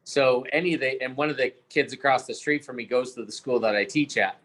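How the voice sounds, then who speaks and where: A man's voice: medium pitch, fairly quick, a bit bright. A man on a video call, chatting in an easygoing way. He talks plainly about his day and pokes fun at himself. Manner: easygoing, self-deprecating. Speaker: teacher. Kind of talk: casual video-call chat.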